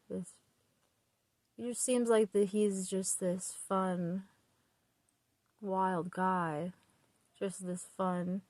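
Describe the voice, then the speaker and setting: A woman's voice: mid-range voice, a little mellow, no room sound. A woman chatting casually about a book while getting ready, rambling and laughing often as she retells scenes. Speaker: vlogger.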